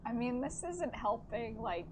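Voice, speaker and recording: A woman's voice: a little high, sing-song, unhurried, darkish tone, a little hiss or hum. A woman playing a tabletop game, asking questions and chatting casually. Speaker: player.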